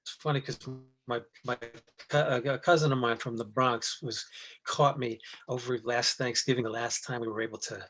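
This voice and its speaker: Rambling middle-aged man, halting chat. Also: medium pitch, steady tone, a bit bright. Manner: rambling, halting, many restarts and fillers. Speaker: guest actor. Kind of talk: casual chat.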